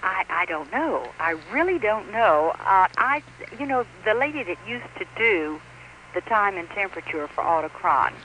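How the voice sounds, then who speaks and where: A woman who voices telephone announcements talks on the phone, chatty and emphatic, laughing easily. Her tone is bright and forward, and a faint hiss of noise sits under the line. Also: medium pitch, lively intonation, moderate pace, rough recording. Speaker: recorded telephone announcement voice talent. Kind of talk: phone conversation.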